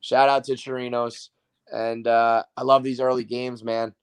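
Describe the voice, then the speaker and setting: A man hosting a sports podcast, chatting loosely and swearing freely. His voice sits at an ordinary middle pitch, and he gets worked up and excited as he riffs. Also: measured pace, smooth. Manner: profane, excitable sports banter. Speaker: podcast host. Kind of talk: casual chat.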